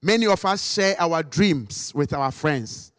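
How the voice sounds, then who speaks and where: A man preaching a sermon, dramatic and acting out quotes, sometimes rising to shouts. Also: on the high side, lively intonation, slow. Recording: long hall reverb.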